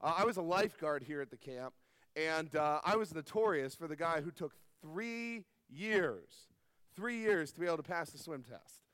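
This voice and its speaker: High-voiced preacher with hall reverb. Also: male voice, animated, moderate pace, a bit bright. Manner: earnest storytelling, asks the audience questions. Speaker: pastor. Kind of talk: sermon. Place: camp meeting hall.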